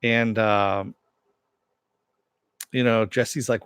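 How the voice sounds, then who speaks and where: Man, low voice, dry close sound, casual show recap, rambling with fillers. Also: fairly even intonation, a little slow, no room sound. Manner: rambling, frequent fillers and restarts. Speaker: TV show reviewer.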